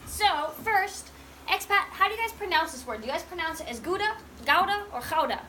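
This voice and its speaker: Woman, cheese farm tour guide, high voice, bright tone, chatty, quizzes the group. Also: expressive, fairly quick, slight background noise. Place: working cheese farm dairy.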